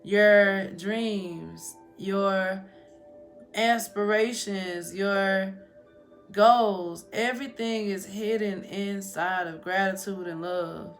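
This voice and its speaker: A woman talks to her viewers in a loose, chatty way. She tells stories and keeps coming back to "y'all" as she goes. Her voice sits at an ordinary middle pitch, with faint music playing behind her. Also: fairly even intonation, extremely slow. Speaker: spiritual vlogger. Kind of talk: casual motivational talk to viewers. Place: home in Colorado.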